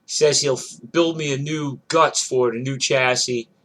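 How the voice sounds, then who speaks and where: A middle-aged man and working guitarist, telling a rambling, cursing rant that starts loud and worked up and settles into a low, weary tone. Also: fairly even intonation, normal speed. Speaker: gigging guitarist and show host.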